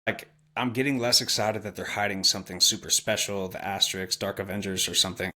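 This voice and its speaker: A man's voice: fairly low pitch, steady tone, quick pace, bright, forceful tone. A man co-hosting a casual podcast, talking eagerly with lots of fillers like "like" and "dude". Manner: enthusiastic, uses "like" and "dude". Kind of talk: casual chat.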